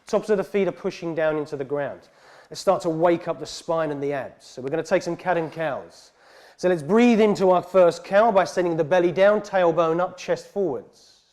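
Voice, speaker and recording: A man teaching a guided yoga class, calmly cueing breaths and poses. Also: a little high, moderate pace. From England. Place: heated yoga studio.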